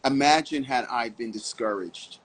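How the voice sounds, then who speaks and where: A man from Harlem, New York, telling stories as a fashion model guest in an interview, animated and full of vivid asides. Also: medium pitch, normal speed, rough recording. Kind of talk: storytelling interview answers.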